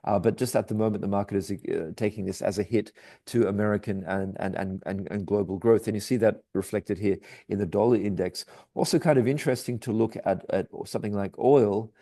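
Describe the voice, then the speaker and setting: A man's voice: lowish voice, a little fast, mellow. A man giving a daily market commentary over charts, talking hesitantly with many fillers and restarts.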